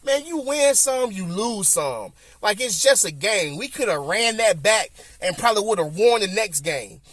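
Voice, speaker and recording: Southern guy on a podcast telling a story, pretty high voice, real dry close mic, keeps repeating himself. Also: moderate pace, no room sound. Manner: animated, repeats himself, acts out quotes. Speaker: podcast host. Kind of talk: casual storytelling.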